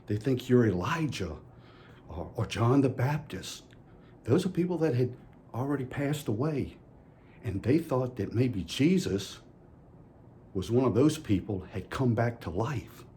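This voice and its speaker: Folksy man for a children's church talk; unhurried, lively pitch, playful questions. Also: slight background noise. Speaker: church children's message leader. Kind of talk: children's sermon.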